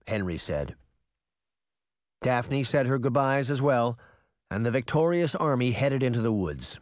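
A man narrating a fantasy audiobook in an expressive storytelling manner. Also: medium pitch, unhurried, long pauses, no room sound, clean studio sound. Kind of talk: scripted narration.

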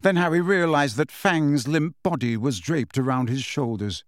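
A man narrating a story in a measured storytelling manner. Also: on the high side, no room sound, clean studio sound. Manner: measured storytelling with shifting character voices. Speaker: audiobook narrator. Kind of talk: scripted narration.

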